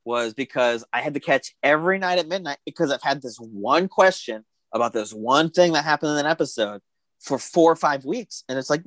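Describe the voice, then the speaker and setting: A man in casual conversation, talking in long animated runs and acting out quoted thoughts. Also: fairly high pitch, fairly quick, no room sound. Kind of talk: casual chat about TV shows.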